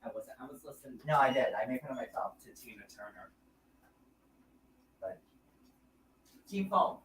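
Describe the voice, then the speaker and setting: A man's voice: mid-range voice, lively intonation, normal speed, fairly bright tone, a little hiss or hum. A man hosting a live stream in casual chat, retelling an argument in a heated, blunt way with plenty of cursing. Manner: heated and blunt, with profanity and repetition.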